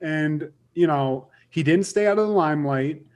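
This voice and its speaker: A man's voice: a little high, normal speed, a little mellow. A young man co-hosting a podcast, chatting casually and animatedly, swearing and acting out quotes as he tells a story. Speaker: podcast co-host.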